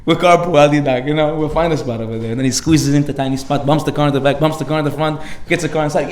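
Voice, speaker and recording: Fast, energetic rabbi in an echoey hall. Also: male voice, a little high. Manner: energetic, animated, slips in Hebrew words and slang. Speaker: rabbi giving a Torah class. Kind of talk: lively sermon with acted anecdotes. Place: synagogue hall.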